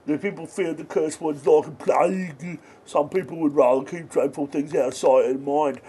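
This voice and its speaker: A man in his thirties giving absurdist comedy commentary while playing a game, rambling through offbeat deadpan jokes. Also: fairly high pitch, normal speed, slightly rough. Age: 30s. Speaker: gaming video host.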